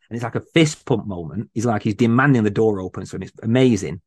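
A man's voice: lowish voice, fast, darkish tone, breathy edge, no echo. A man, a guest on a podcast, chatting casually and talking with earnest passion about a favorite book character. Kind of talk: casual chat.

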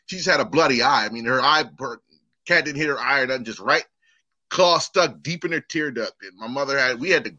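Bright-voiced man telling stories. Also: medium pitch, fairly quick, muffled recording. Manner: animated storyteller, acts out quoted people. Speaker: podcast co-host. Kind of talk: casual chat.

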